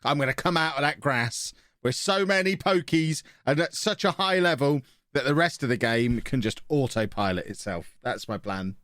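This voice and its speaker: A man's voice: moderate pace, few pauses, a bit bright, no echo. Guy, medium voice, teasing and playful, dry sound. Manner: teasing, playful, with mock-indignant jumps in pitch. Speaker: podcast co-host. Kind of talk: casual chat about video games.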